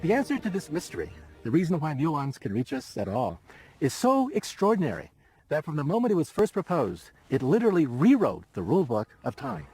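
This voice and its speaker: Older man, animated documentary narration. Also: a little high, fairly quick. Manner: dramatic, emphatic delivery. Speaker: documentary presenter. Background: background music.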